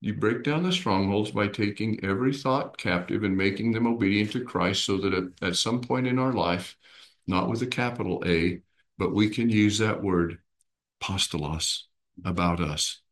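A man with a fairly low voice leads a Bible study, talking to a small group in a relaxed, conversational way. He keeps turning questions back to his listeners. He slips into quick impressions and expressions to make his points. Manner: animated, acts out voices and expressions while explaining; asks the listeners questions and draws them in.

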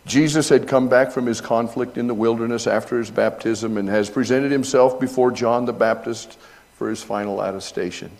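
A middle-aged male pastor preaching a sermon, reading from an old essay and rising to loud, high emphasis when retelling scenes. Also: steady tone, moderate pace, in a large hall. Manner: reads aloud from an old essay between remarks.

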